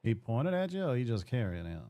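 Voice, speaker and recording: A man with a Cajun accent, roleplaying in character with a folksy drawl and rough grammar. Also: medium pitch, big pitch swings, brisk, dark tone, no echo, lo-fi sound.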